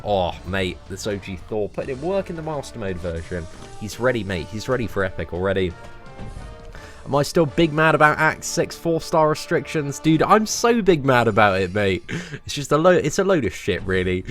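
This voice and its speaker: A young man giving casual, animated commentary on a game live stream, full of slang and talking to his viewers as mates. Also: mid-range voice, moderate pace, faint music behind. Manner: animated and chatty, heavy slang, calls viewers mate and lads.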